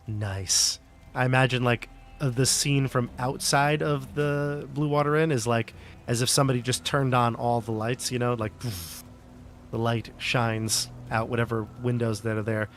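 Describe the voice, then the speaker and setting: A man's voice: medium pitch, fairly even intonation, moderate pace, soft background music. A man narrating as game master of a tabletop game in a casual way, with laughing asides.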